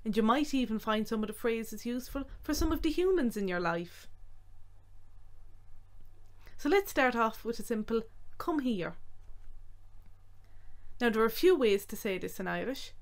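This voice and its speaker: A woman teaching Irish phrases, talking carefully and repeating each phrase slowly. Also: fairly high pitch. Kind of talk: slow, clear language lesson.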